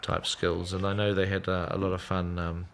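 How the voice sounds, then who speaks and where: A man in a documentary interview, recalling filming in a hesitant way with many pauses and fillers. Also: low-pitched, flat delivery, a bit bright, slight background noise. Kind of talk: casual interview recollection.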